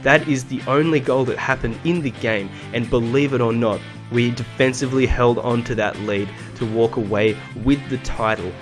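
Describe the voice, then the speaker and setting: Young man, chatty game commentary, mid pitch, music bed behind. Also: moderate pace, few pauses. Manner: excitable, chatty, frequent restarts and fillers. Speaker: gaming video host. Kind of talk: game commentary, recapping and playing live. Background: background music.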